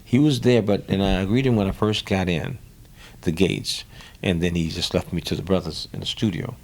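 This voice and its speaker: A man's voice: deep voice, steady tone, normal speed, vocal fry, darkish tone. A man with a New Orleans accent, a guest in an interview, telling his story with animation, repeating words and acting out the voices of others. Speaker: guest musician.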